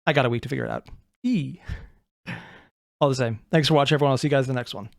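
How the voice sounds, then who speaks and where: A reaction video host giving casual commentary, animated, thinking aloud and swearing often. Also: mid-range voice, rapid-fire, vocal fry, no echo, studio quality.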